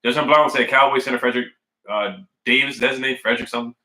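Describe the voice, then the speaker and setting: Bright-voiced man chatting on a stream. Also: mid-range voice, fairly even intonation, very fast, echoey room, poor audio. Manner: repetitive, emphatic, says "man" and "I really do" often. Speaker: sports fan streamer reading chat. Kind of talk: casual live-stream chat. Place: at home indoors.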